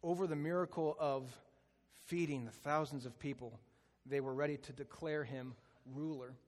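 A man preaching a sermon as a pastor. He slows down and drops to a hushed voice on key phrases. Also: on the high side, fairly even intonation. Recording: long hall reverb.

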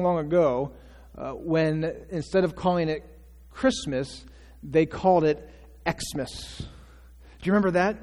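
A man's voice: fairly high pitch, darkish tone. A male pastor preaching a conversational sermon, asking the congregation questions and acting out quotes. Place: church sanctuary. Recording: long church reverb.

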